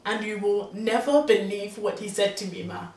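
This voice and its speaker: A young woman telling a dramatic story to her mother, confiding and animated, swinging between hushed and exclaiming. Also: mid-range voice, normal speed, slight background noise. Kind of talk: dramatic monologue. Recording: echoey room, distant mic.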